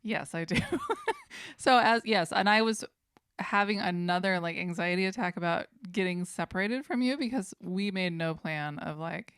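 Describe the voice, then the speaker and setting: Woman, 40s, podcast host; lower and smooth, easygoing, rambling delivery; dry recording. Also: moderate pace, no room sound. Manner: relaxed, rambling storytelling with many fillers. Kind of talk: casual podcast chat.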